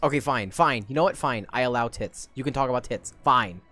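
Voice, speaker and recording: A woman streaming a game, ranting loudly with heavy swearing and mock outrage. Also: a bass voice, brisk, faint music behind. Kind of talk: casual gaming stream chat.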